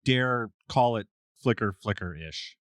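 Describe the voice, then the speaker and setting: A man co-hosting a podcast in casual chat, reacting quickly and laughing often. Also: on the low side, expressive, dry recording. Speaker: podcast co-host.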